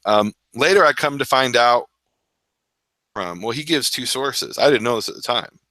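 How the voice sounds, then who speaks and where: A man, a Hebrew scholar, telling a story in an interview, animated, laughing now and then and acting out what he once said. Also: mid-range voice, normal speed, no room sound. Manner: animated, laughs often, acts out his own past words.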